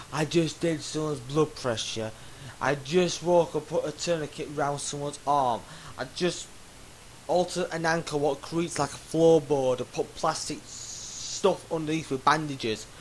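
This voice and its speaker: Gamer lad ranting at a game, stammery and exasperated, kinda high voice. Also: male voice, a little slow, a little hiss or hum, rough recording. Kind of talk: game commentary rant.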